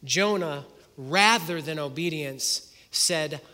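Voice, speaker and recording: Bright-voiced male preacher in a reverberant hall. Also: on the high side, slow. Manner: expository preaching, rhetorical questions, retelling in first person. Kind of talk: sermon.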